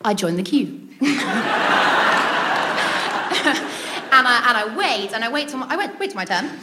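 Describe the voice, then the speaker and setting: A woman's voice: a little high, very animated, slow, very noisy. A woman telling a funny personal story in a chatty way, giggling often and dropping in ums. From Britain. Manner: chatty, giggles between lines, many ums. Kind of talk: comic personal anecdote.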